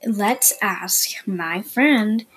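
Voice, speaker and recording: A woman hosting a podcast and teaching beginner Spanish in a chatty, explanatory way, with soft asides. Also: mid-range voice, very slow, slight background noise, low-quality recording. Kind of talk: casual beginner language lesson.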